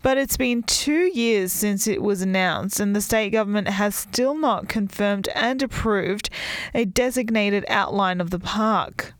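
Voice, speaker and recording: A woman reading a scripted news introduction in a measured, even way. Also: mid-range voice, dry recording. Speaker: news presenter.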